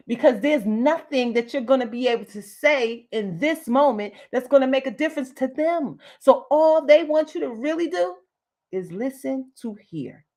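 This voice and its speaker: Motivational lady on a livestream, emphatic, repeats herself, casual slangy talk. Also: fairly high pitch. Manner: emphatic and repetitive, uses slang. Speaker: host.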